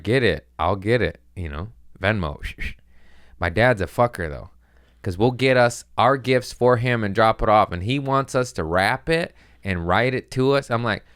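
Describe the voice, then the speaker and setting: A man's voice: lowish voice, fairly bright tone, smooth, dry recording, studio quality. A man hosting a podcast, rambling through a profane, self-mocking comedic monologue in casual chat. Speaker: podcast host.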